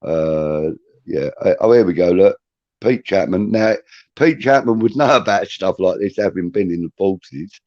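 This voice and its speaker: A man's voice: deep voice, unhurried, darkish tone, no echo, highs cut off. A man hosting a live stream, upbeat as he reads viewer comments aloud. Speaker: co-host.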